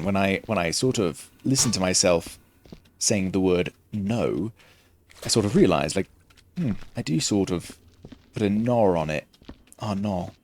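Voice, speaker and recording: A man's voice: low-pitched, slight background noise. A young man streaming a game, rambling in a self-deprecating, jokey way with a mild faux British-Australian lilt. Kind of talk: rambling gameplay commentary.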